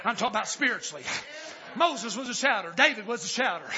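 A man preaching a sermon, swinging from calm, folksy talk to hollered exclamations. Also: high-pitched, fast, noisy background. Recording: dull lo-fi church recording with faint congregation.

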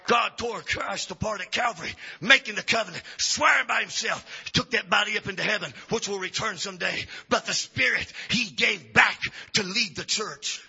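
A male preacher delivering a revival sermon, chanting upward and dropping to a hush. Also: high-pitched, moderate pace, gravelly, hardly any pauses, husky. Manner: chanting rises and sudden drops to a hush. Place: church sanctuary. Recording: dull lo-fi church recording.

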